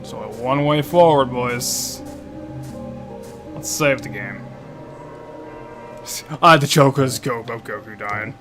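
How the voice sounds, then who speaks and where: A man's voice: mid-range voice, takes it slowly, long pauses, fairly bright tone. A man, a game critic, giving casual commentary while playing, chatty and joking as he thinks aloud. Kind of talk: casual let's-play commentary. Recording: faint game music behind.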